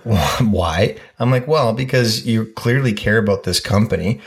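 Male podcast co-host, calm storyteller, mid-range voice, casual. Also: mid-range voice, normal speed. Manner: calm, storytelling, acts out quotes. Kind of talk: casual chat.

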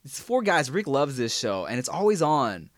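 A man co-hosting a podcast in casual chat, animated and laughing often. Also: mid-range voice, normal speed, no room sound, clean studio sound. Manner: animated, laughs a lot, shouts "no!" while guessing. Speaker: podcast co-host.

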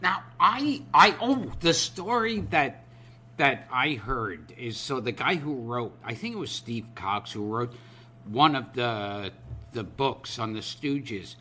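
A man hosting a talk show, telling a story in halting, stammering starts. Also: mid-range voice, lively intonation, bright, forceful tone, breathy edge. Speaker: host. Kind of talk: casual talk show chat.

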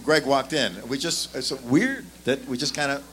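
A bass player on a panel, looking back with enthusiasm and filling his talk with many "uh"s. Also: normal speed, a bit bright, slight background noise. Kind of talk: casual recollection on a panel.

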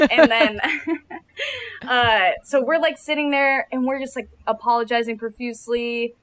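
A woman's voice: a little high, normal speed, a bit bright. A young woman co-hosting a podcast, telling a story in a chatty way, full of filler words and giggles. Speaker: podcast co-host. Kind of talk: casual chat, storytelling.

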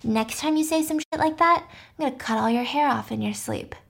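A woman voicing a crude, taunting female psych ward patient, a little higher than her own voice. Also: a little fast, gravelly, fairly bright tone.

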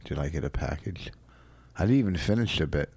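A man's voice: very deep voice, lively intonation, fairly quick, darkish tone, husky, dry recording. A man co-hosting a talk show who badgers his partner with questions in blustery casual chat. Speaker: podcast co-host.

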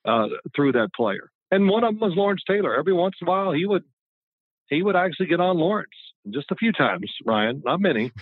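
A man's voice: high voice, very animated, fairly quick, no echo. Older guy telling long rambling stories, sounds like a phone line, totally dry. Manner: rambling, chatty, with frequent restarts. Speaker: former quarterback, guest. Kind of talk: casual storytelling interview.

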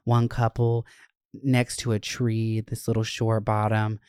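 A young adult podcast host telling stories in a casual, animated, profane way. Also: mid-range voice, takes it slowly, clear, resonant tone, no room sound, clean studio sound. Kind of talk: casual chat.

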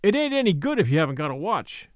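A man reads as a punch-drunk little ex-boxer, pitched higher than the narration and swooping. His talk is insistent and oddly cheerful, set close in a dry room. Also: very animated, fast, no echo. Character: battered little ex-prize fighter, man, unhinged. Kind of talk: audiobook reading.

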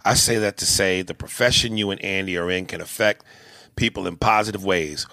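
A man with a low, gravelly voice and a bright, cutting edge, chatting crudely on a comedy podcast. He reads listener mail and jokes around, recorded close and dry. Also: brisk, dry recording. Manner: crude, joking, slips into voices. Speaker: podcast co-host. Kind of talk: reading a listener email, casual chat.

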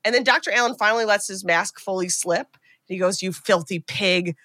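A woman podcast co-host recapping a movie in a casual, profane, animated storytelling way. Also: medium pitch, fast, no echo.

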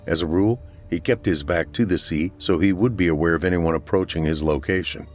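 Deep-voiced man narrating a story. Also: soft background music. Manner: slow, steady storytelling delivery.

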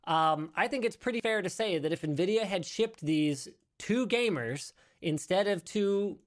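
A man's voice: high voice, a bit bright. A male show host talking through tech news in a casual, rambling way, correcting himself and adding joking asides.

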